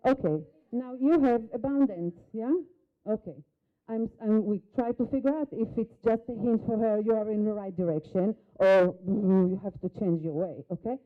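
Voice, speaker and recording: A woman's voice: mid-range voice, moderate pace, narrow, tinny audio. A woman whose first language is Hebrew leads a live workshop demonstration. She coaches a volunteer with short instructions and questions. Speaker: workshop facilitator. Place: conference hall.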